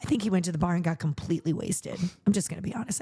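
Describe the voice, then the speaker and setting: A woman's voice: medium pitch, fast talker, few pauses, mellow, breathy edge. A middle-aged woman, a charity founder and podcast host, tells a personal story in conversation, acting out the quoted dialogue with animation.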